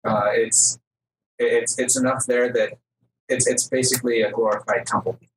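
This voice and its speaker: A man running a tabletop role-playing game as game master, talking with many fillers and pauses. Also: medium pitch, level tone, distant mic. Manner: hesitant, lots of fillers. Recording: noisy home recording.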